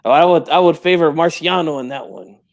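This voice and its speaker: Brash old boxing dad, streetwise slang, prickly pride, slightly high voice, as a man puts him on. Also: brisk, vocal fry. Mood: boastful. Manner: streetwise slang, tags every line with "eh" and "Holmes". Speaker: guest in character.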